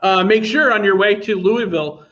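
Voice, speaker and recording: A man's voice: sits high, normal speed, fairly bright tone. A man from Indiana hosting a comedy show, chatting casually with a guest and rambling with plenty of fillers. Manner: rambling, lots of fillers, laughs easily. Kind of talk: casual chat with a guest comic. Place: Twin Cities, on a video call. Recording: muffled video call audio with faint noise.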